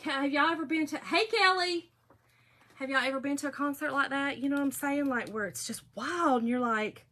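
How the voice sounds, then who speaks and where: A woman's voice: high-pitched, brisk, bright, forceful tone. A middle-aged woman, chatting and telling stories to viewers while crafting. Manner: chatty, gossipy storytelling, addresses viewers. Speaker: craft video host. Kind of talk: casual chat while crafting.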